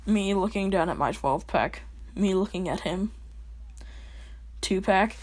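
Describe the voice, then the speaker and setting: A woman's voice: medium pitch, a little slow, a little mellow. A woman telling a casual self-insert story, rambling and chuckling between lines. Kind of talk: casual fan-fiction storytelling.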